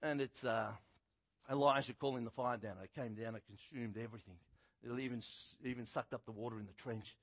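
A middle-aged man preaching a sermon, telling a Bible story in a conversational, animated way with a husky voice. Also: mid-range voice, brisk. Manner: animated storytelling, acting out quotes loudly.

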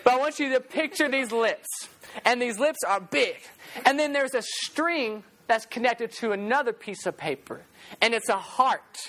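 Brief: lively woman youth preacher, higher voice, animated storyteller. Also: normal speed, slight background noise. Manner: animated storytelling, acting out quotes. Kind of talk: sermon to a youth group.

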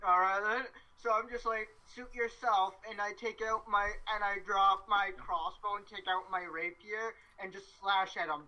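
A player in a casual tabletop game, playful and quick to joke. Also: medium pitch, steady tone, dull audio. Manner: playful, laughing in-character quips.

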